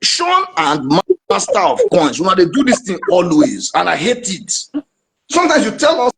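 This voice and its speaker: An impassioned man with a Nigerian accent argues hard in a live audio debate. His voice sits high and jumps around, and he slips pidgin into his English. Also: wildly swooping pitch, moderate pace, gravelly, a little hiss or hum. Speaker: debate participant.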